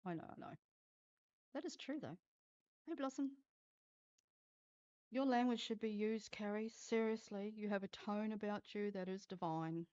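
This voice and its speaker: A woman's voice: mid-range voice, moderate pace, pauses often, darkish tone, smooth, highs cut off. A woman giving a live-streamed intuitive reading. She talks bluntly, swears freely and speaks straight to the viewers. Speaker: intuitive reader.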